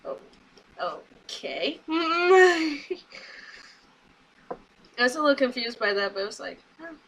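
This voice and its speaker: A young woman casually recapping a wrestling show, giggling often and acting out what people said in quick little voices. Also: high-pitched, lively intonation, fairly bright tone, slight background noise, poor audio.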